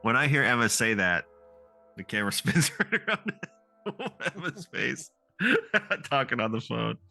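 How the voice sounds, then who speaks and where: Man, tabletop player, giggly and chatty, very animated pitch, bright tense tone. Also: measured pace, creaky, faint music behind. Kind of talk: casual tabletop play.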